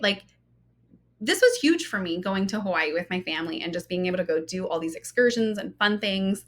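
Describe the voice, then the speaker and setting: A woman in her thirties hosting a podcast, telling a personal story in a casual, animated way, full of "like" and "you know" asides. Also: mid-range voice. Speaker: podcast host.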